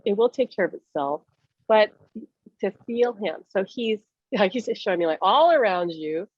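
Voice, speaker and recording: Woman medium, lively and chatty, lo-fi dry recording. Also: mid-range voice, normal speed, no room sound. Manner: animated, acts out voices, laughs often. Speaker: medium giving readings. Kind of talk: casual reading over a call.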